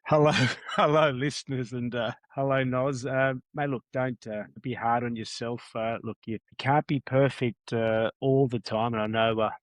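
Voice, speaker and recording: A man co-hosting a sports podcast, talking in a relaxed, easygoing way with frequent "uh"s. His voice sits at a middle pitch, and the sound is close and dry. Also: moderate pace, few pauses, dry recording. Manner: relaxed, filler-heavy, chuckling. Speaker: podcast co-host. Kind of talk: casual sports podcast chat.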